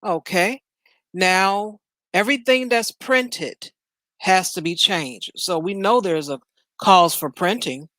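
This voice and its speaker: Host, woman from Chicago, slow exasperated rant, dry close sound. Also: medium pitch, a bit bright, no echo. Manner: blunt, exasperated ranting. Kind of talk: news reaction commentary. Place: at home.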